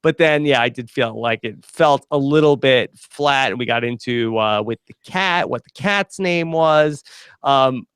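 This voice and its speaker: A man's voice: medium pitch, unhurried, fairly bright tone, clear, resonant tone, dry recording, clean studio sound. A man hosting a TV recap podcast, chatting loosely with frequent fillers and restarts. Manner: loose, hesitant, full of fillers. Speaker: podcast host. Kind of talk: casual podcast chat.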